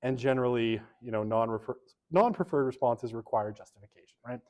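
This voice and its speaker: A man's voice: medium pitch, fairly quick, a little mellow. A man lecturing a university class in a casual, chatty way, often checking in with "right?" and poking fun at his own habits. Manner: chatty, self-deprecating, fills with "right?" and "okay".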